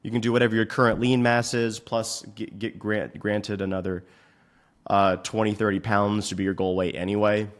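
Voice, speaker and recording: A man hosting a fitness podcast, giving blunt, profane advice in a casual way and venting at his software. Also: lowish voice, little pitch movement. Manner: profane, frustrated rants; blunt, rapid instructions. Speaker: fitness coach and podcast host.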